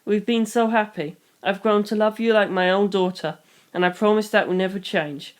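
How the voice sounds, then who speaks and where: A reader voicing a loving, wise foster mother who speaks in a soft, steady, reassuring way, in a fan reading of a novel. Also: mid-range voice, normal speed, natural voice. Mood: comforting. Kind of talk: audiobook reading.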